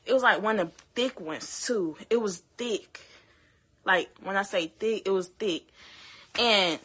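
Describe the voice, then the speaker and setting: Young woman vlogging her side of it, stops and restarts a lot, bright tone. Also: medium pitch, husky. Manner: halting, many fillers and restarts, speaks to viewers directly. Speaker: vlogger telling her story. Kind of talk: emotional personal storytelling to camera.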